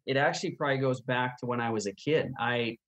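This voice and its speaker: A man in his thirties from Canada spins a casual story as an interview guest. He is a chatty, animated talker who laughs easily, at an ordinary mid pitch for a man. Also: quick pace. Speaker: guest, rodeo announcer.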